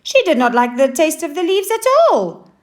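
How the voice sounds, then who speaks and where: A woman teacher reading a children's story aloud, with expressive and animated delivery. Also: high-pitched, moderate pace. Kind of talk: storybook narration.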